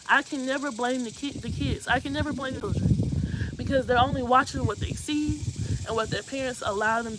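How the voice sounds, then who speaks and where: A woman's voice: sits high, background noise. A woman hosting a live talk show, speaking earnestly and emotionally as she gives heartfelt advice and keeps asking if you know what she means. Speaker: host.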